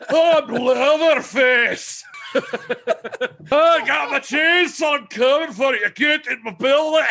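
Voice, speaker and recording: A man's voice: sing-song, very slow, creaky, long pauses, full character voice. A man voicing a goofy, hungry male chainsaw killer in a hammy, laughing way. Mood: goofy menace. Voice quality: high, shouted, laughing through the lines. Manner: playful, hammy.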